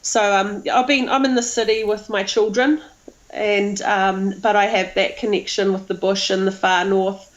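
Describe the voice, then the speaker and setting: A woman's voice: mid-range voice, steady tone, moderate pace. A woman from New Zealand with a New Zealand accent, a guest talking in a friendly, chatty way with many ums. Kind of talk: casual conversation. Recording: dull phone-in line.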